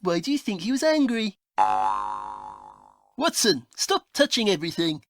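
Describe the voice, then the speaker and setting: A woman's voice: a little high, big pitch swings, normal speed, no echo, clean studio sound, soft background music. A woman voicing a prim, haughty male detective in a comedy audio play, with a formal, fussy, scolding manner.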